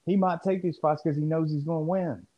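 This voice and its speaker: A man's voice: a little high, steady tone, a little fast. A man co-hosting a podcast in casual chat, rambling and profane as he riffs. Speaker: podcast co-host. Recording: muffled lo-fi audio.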